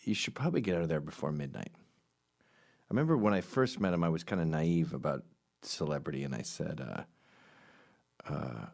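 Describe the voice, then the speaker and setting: His voice sits very low yet swings widely in pitch as he riffs through a comedic monologue, rambling and undercutting himself with dry, sarcastic asides. Quoting others, he jumps into loud, high voices. He's expressive and creaky at a moderate pace, pausing often.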